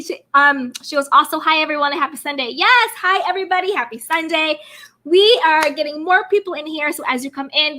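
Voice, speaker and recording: Bright-voiced chatty American woman. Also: high voice. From United States. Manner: chatty, reads out viewer comments. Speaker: livestream host. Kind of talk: casual live chat commentary.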